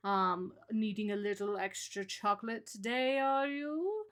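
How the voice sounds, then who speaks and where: A woman voicing a posh, pompous male gentleman with a put-on British accent and a menacing streak. He speaks in an affected drawl. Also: mid-range voice, unhurried, natural voice. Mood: smug menace.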